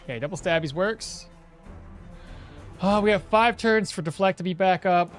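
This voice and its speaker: A man's voice: high voice, normal speed, faint music behind. A man giving casual gameplay commentary, thinking aloud, chuckling often and answering chat as he plays. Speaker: streamer playing a game.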